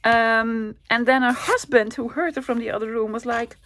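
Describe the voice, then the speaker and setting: Her voice sits on the high side, with fairly even intonation, a normal pace and a fairly bright tone, plus a little hiss or hum. She's a Dutch-accented woman from the Netherlands running a casual craft-along on her crafting channel, chatting to herself as she works.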